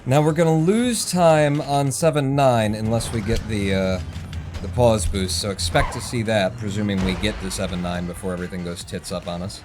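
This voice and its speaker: A man's voice: lowish voice, steady tone, normal speed. A man streaming a speedrun, commenting on his play while swearing and talking to himself. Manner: swears often, mutters running self-talk. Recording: game music under voice.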